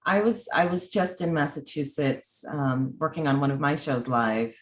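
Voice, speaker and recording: A woman hosting an interview over a video call, thoughtful and pausing often with ums. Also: sits low. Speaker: host.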